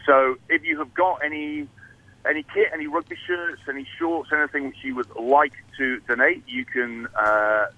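A man's voice: fairly high pitch, steady tone, normal speed, bright, forceful tone, dry recording, lo-fi sound. A man talking casually as a guest on a morning radio show, hesitant with many fillers and restarts. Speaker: rugby guest.

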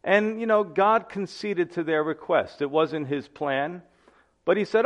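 Male pastor with a high voice, emphatic sermon delivery with repeated phrases, on a dull, muffled recording. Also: measured pace. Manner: emphatic, repeats key phrases, addresses listeners as guys.

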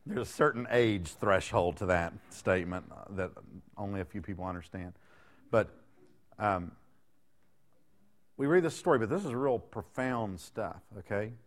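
A man's voice: on the low side, animated, normal speed, long pauses. Man preaching with a joking, questioning manner. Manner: conversational, joking, rhetorical questions to the congregation. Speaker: guest preacher. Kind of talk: sermon.

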